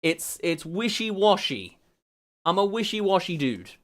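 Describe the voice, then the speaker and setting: A man's voice: high voice, big pitch swings, a little slow, fairly bright tone. A young English man streaming as a VTuber, chatting casually and laughing as he reads quiz questions aloud. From England.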